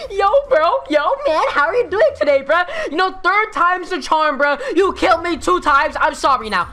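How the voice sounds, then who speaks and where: A male streamer chatting while gaming, excitable, shouting often and calling everyone "bro". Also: very high voice, normal speed. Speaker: streamer being pranked. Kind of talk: live-stream gaming chat.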